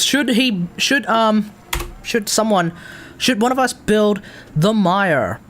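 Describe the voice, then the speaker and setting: A man's voice: high voice, lively intonation, slow pace, fairly bright tone, a little hiss or hum. Chatty Australian man streaming a game. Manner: rambling, chatty, self-correcting. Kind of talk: casual live-stream gaming commentary.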